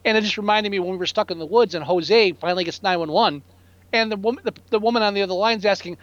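A man in his thirties talks movies on a podcast in an animated, profane way, jumping into quick impressions of film characters. His voice sits high for a man. The recording is dry and a little dull. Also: no room sound. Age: 30s. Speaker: podcast co-host. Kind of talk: casual movie review chat. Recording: dry, slightly dull sound.

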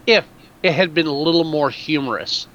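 A man co-hosting a podcast, chatting casually about a film in an animated, rambling way with many restarts. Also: a little high, moderate pace, dull audio. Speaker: podcast co-host.

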